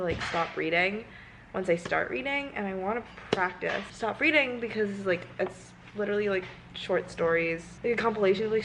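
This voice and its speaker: A woman's voice: fairly low pitch, noisy background. A young woman in casual vlog chat at home, rambling with lots of "like" and restarts. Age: young adult. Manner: chatty, full of "like" and restarts. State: teary, crying while she talks. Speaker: vlogger. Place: at home, indoors.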